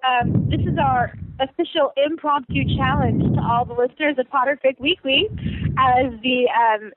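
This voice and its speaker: Excitable woman podcast co-host over a phone line. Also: fairly high pitch. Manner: animated, laughing, quick bursts of excitement. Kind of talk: casual podcast chat. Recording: phone-like line with faint hiss.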